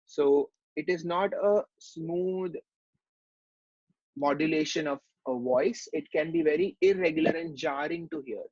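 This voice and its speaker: A man's voice: fairly high pitch, measured pace, a little mellow, husky, dry recording, muffled recording. A man giving a medical lecture, explaining step by step and asking rhetorical questions.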